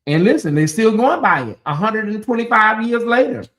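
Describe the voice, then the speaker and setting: A man hosting a livestream, chatting with his viewers in an animated way and laughing often. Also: high-pitched, normal speed, slight background noise. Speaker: host. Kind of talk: livestream commentary, talking to the chat.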